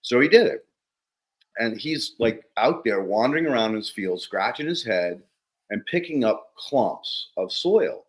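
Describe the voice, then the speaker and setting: A man hosting a podcast in a casual interview chat, an animated storyteller who acts out the people in his anecdotes. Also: mid-range voice, unhurried, low-quality recording. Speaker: podcast host.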